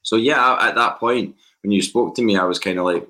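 A Scottish man with a very low voice talks football as a podcast guest. He sounds measured and casual, weighing each point as he goes. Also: bright, forceful tone.

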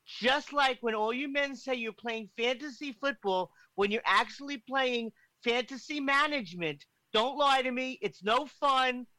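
A woman panelist giving an animated, teasing comic rant on a chat podcast. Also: a little high, dry recording, poor audio. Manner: animated, teasing, laughs often.

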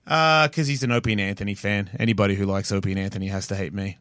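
A man's voice: lowish voice, fairly even intonation, very fast, fairly bright tone, dry recording, studio quality. A man in his forties with an Australian accent, a podcast guest telling rambling stories in a blunt, profane way. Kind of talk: casual chat.

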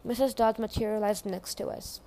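A woman reading a novel aloud at a middle pitch. She narrates steadily, chapter by chapter, and gives the characters light voices as they speak. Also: fairly even intonation, fairly quick, warm tone. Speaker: reader. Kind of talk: audiobook-style reading of a novel.

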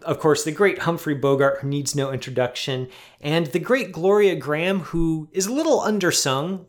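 A man co-hosts a film podcast in casual conversation, with a mid-range voice. He talks in a thoughtful way and pokes fun at himself. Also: mid-range voice. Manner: thoughtful, self-deprecating. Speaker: podcast co-host.

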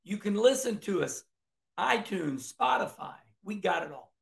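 A middle-aged man, a racing commentator, delivering an emphatic, fired-up rant to camera with loud whoops. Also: high-pitched, expressive, measured pace, vocal fry.

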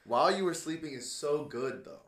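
A man's voice: a little high, very animated, a little fast, fairly bright tone. A young man co-hosting a podcast, chatting casually, opinionated and laughing often as he argues. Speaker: podcast co-host. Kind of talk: casual chat.

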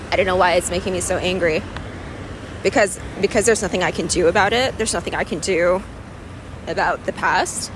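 A woman's voice: mid-range voice, steady tone, moderate pace, pauses often, noisy background. Woman rambling emotionally outdoors. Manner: raw, emotional, rambling with frequent fillers. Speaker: vlogger. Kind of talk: candid personal vlog monologue.

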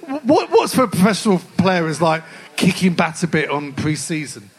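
Man, podcast host, live show, slightly high voice, jokey, chatty fan questions. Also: big pitch swings, moderate pace, breathy edge, poor audio. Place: live stage event at a club.

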